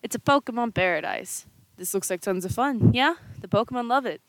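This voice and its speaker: A woman's voice: a little high, expressive, brisk, no room sound, low-quality recording. Woman doing an eager young cartoon trainer. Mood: cheerful.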